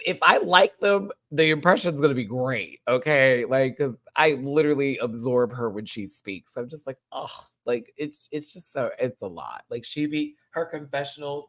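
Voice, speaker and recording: A woman chatting in a live review of a show, animated and gushing, laughing often. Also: very deep voice, normal speed, hardly any pauses.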